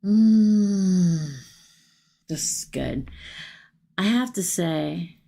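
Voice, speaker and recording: A woman's voice: on the low side, animated, very slow, vocal fry, warm tone. A middle-aged woman doing live tarot readings, chatty and exclaiming over cards, addressing viewers by name. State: emotional after crying all night. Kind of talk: live-stream tarot reading, casual chat.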